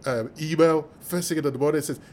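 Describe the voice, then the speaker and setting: Man, from the UK, somewhat high voice, animated storyteller, conversational guest. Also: fast, a little hiss or hum. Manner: lively, acts out quoted voices, laughs while telling. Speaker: mathematician guest.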